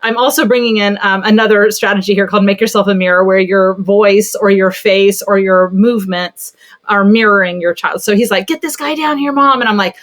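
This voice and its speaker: A pediatric therapist tells a story on a casual podcast, her mid-range voice brisk, animated and chatty.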